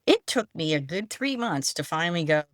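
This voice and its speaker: Low-pitched woman podcast host, chatty, dry close sound. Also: big pitch swings, fairly quick, no room sound. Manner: chatty, friendly questioning. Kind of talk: casual podcast interview. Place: Florida Gulf coast.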